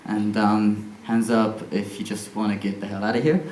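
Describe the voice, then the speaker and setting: A man's voice: lowish voice, little pitch movement, moderate pace, darkish tone, roomy sound, a little hiss or hum, rough recording. A man performing a dry, hesitant stand-up style monologue with many ums, recorded live on a theater stage.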